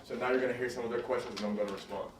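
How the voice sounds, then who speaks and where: A man's voice: medium pitch, fairly even intonation, rapid-fire. A man giving a motivational talk to students in a school hall. He speaks with energy and keeps checking in with his audience. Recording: roomy and distant, faint noise.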